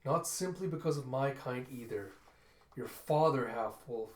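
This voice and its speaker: Cold measured lady inquisitor, guy reading her lines, roomy echo around him. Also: medium pitch, close to an everyday voice. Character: cold, slow-spoken female inquisitor.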